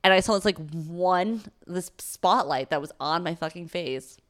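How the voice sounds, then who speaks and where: A woman's voice: on the low side, unhurried, dry recording, studio quality. Profane, rambling young woman storyteller. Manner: rambling, profane, animated retelling with acted quotes. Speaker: podcast co-host. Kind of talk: casual storytelling chat.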